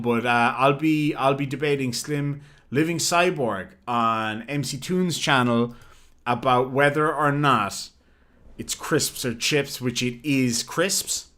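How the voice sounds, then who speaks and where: A man hosting a casual livestream and reading viewer messages aloud, playfully combative and quick to swear. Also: mid-range voice, fairly bright tone, smooth. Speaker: livestream host.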